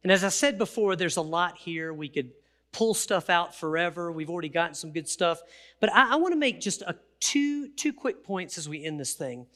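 Male pastor, sermon delivery, high and bright, animated storyteller. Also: normal speed. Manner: animated storytelling, acts out quotes.

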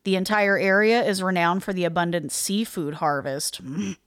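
A woman's voice: on the low side, fairly even intonation, moderate pace, a bit bright, dry recording, clean studio sound. A woman co-hosting a casual podcast, reading from her research with wry asides and easy laughs. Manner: chatty, wry, laughs easily, reads notes aloud with asides. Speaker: podcast co-host.

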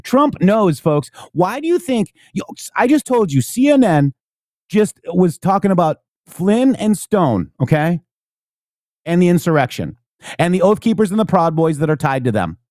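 A man co-hosts a loose political talk stream, and his voice sits a little high. He keeps firing off rhetorical questions and leans hard on his points. The sound is dry and close. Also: sing-song, moderate pace, a little mellow, no echo. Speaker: co-host.

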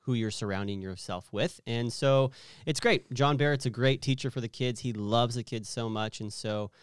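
A man's voice: mid-range voice, moderate pace, clear, resonant tone, no room sound, studio quality. A man who is a pastor, chatting playfully on a church podcast and rambling through explanations. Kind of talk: casual church podcast chat.

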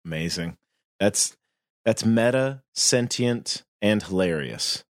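Laid-back amused man, lively pitch. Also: takes it slowly, dry recording, studio quality. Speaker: podcast co-host. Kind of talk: casual comedic chat.

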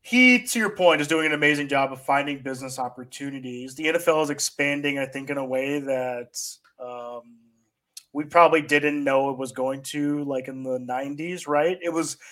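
A man's voice: medium pitch, moderate pace, fairly bright tone. A man hosting a sports technology podcast, talking in a loose, conversational way. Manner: loose and conversational, many fillers and restarts. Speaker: podcast host. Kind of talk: casual sports-tech chat.

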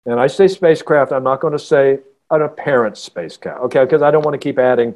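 A man, an author guest on a podcast, telling a story in a halting, earnest way with many restarts. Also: medium pitch, a little mellow. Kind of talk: casual podcast interview storytelling.

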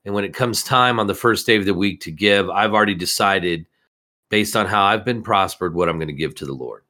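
A man's voice: low voice, brisk, sharp tone. Earnest man reading and explaining scripture. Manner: earnest and explanatory, quotes verses and comments. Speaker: host of a Bible discussion. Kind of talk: scripture discussion, reading verses aloud.

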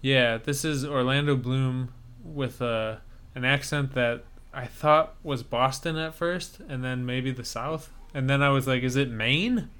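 A man's voice: mid-range voice, steady tone, measured pace, fairly bright tone, clear, resonant tone. A man co-hosting a podcast in casual chat, making wry, incredulous remarks. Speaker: podcast co-host.

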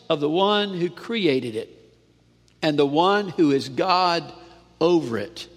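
A male pastor preaching a sermon, asking "amen?" often and swinging between loud declarations and hushed lines. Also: on the high side, expressive, slow pace. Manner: preachy call-and-response with frequent "amen?". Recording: long hall reverb.

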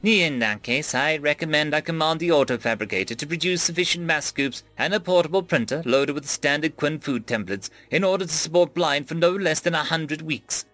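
A man's voice: fairly high pitch, brisk, hardly any pauses, soft background music, pitched above the performer's own voice. A man voicing a precise, formal AI core. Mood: measured. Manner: flat, precise, formal phrasing. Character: formal male AI ship core, precise and calm.

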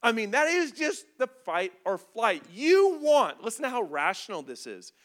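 A man preaching a sermon as a pastor, animated and comedic, acting out little scenes to make his point. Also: extremely high pitch, moderate pace.

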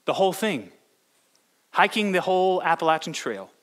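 A man's voice: high-pitched, very animated, moderate pace. A man preaching a sermon as pastor, telling a story with many restarts and repeated words. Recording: long hall reverb.

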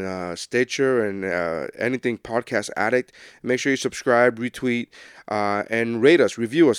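A man with a low, smooth, resonant voice rambles through a podcast outro, stumbling over uhs as he thanks a guest. The sound is dry and close. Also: no echo. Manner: rambling, halting with many uhs. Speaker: podcast host. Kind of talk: casual outro message.

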